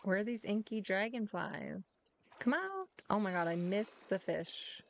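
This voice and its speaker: A woman's voice: mid-range voice, unhurried, gravelly, slight background noise. A woman streamer chatting casually with viewers as she plays, in a put-on Irish accent mixing Dublin with a hint of American, swearing freely and talking to her cat. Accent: put-on Irish, Dublin-ish with a hint of American. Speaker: game streamer. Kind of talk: casual gameplay chat with viewers.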